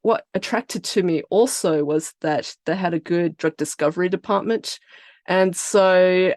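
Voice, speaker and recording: An Australian woman with a slightly low voice talks through her science and career in an easy, explanatory way. She sounds close and dry on a podcast mic, with no room around her. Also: a little slow, darkish tone, no echo. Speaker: biotech company founder and CEO. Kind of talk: podcast interview answers.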